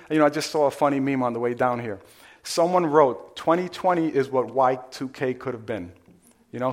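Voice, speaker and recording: A man, a pastor, preaching a sermon in church and talking with the congregation in a conversational way, asking them questions as he goes. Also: on the high side.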